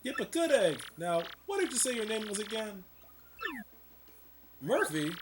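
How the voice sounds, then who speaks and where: A man doing a high, chirpy old turtle mayor. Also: measured pace, very noisy. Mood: chatty. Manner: high, lively, rambling. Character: old male turtle village mayor, kindly. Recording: game music playing behind.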